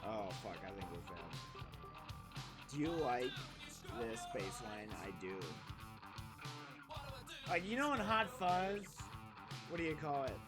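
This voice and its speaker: A man's voice: mid-range voice, big pitch swings, takes it slowly, long pauses, over loud music. A man streaming a video game, talking in a crude, rambling way and swearing often. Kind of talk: casual gaming commentary.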